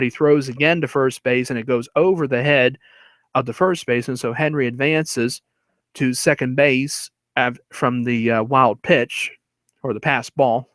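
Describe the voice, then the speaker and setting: A man retells a film's plot in a loose, rambling way, full of fillers and small chuckles. His voice sits at an ordinary middle pitch. The recording is dry and close. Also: fairly bright tone, dry recording. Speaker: movie reviewer.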